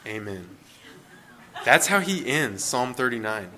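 A pastor preaching an informal sermon, talking casually with frequent restarts and short laughing asides. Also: male voice, mid-range voice, normal speed, bright, forceful tone. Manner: conversational, self-interrupting, laughing asides.

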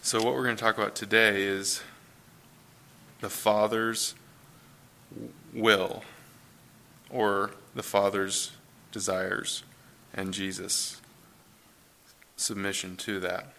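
A man in his thirties, a pastor, reading scripture and then preaching in a relaxed, conversational way in a church. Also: on the low side, takes it slowly, gravelly, long pauses. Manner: conversational, relaxed, self-correcting.

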